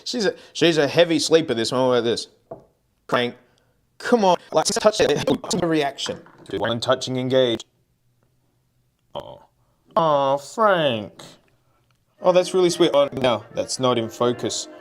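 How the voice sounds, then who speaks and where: A man's voice: medium pitch, lively intonation, unhurried, long pauses. A man streaming and vlogging in casual chat, rambling and laughing often.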